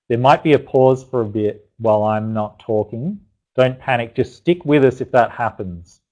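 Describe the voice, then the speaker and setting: A man's voice: lowish voice, darkish tone, low-quality recording. A man presenting a live parenting webinar, chatty and encouraging, talking loosely with restarts and asides to his audience. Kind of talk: live online teaching webinar.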